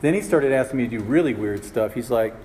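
A man of middle pitch tells a wry, self-deprecating story to a group, and he rambles, doubles back and leans on "you know". His voice rings with the long reverb of a large hall. A faint hum of room noise sits underneath. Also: expressive, fast, a little mellow. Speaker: speaker sharing his recovery story. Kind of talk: humorous storytelling talk.

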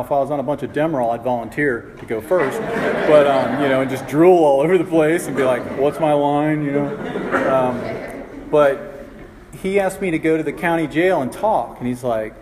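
A man of middle pitch tells a wry, self-deprecating story to a group, and he rambles, doubles back and leans on "you know". His voice rings with the long reverb of a large hall. A faint hum of room noise sits underneath. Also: a little fast. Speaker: speaker sharing his recovery story. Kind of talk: humorous storytelling talk.

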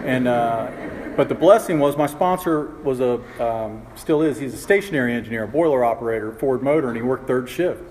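A man's voice: mid-range voice, fairly quick, a little mellow. A man telling his recovery story to a group, in a humorous, rambling way with lots of "you know". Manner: self-mocking, rambling, full of "you know". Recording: echoey hall with faint background noise.

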